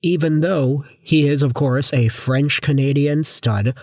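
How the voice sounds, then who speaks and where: A man with a hoarse voice from a viral infection, talking about hockey in a chatty, conversational way as a YouTuber. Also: a little high, measured pace, darkish tone, dry recording, clean studio sound. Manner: chatty, conversational, with frequent asides. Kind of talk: casual sports commentary.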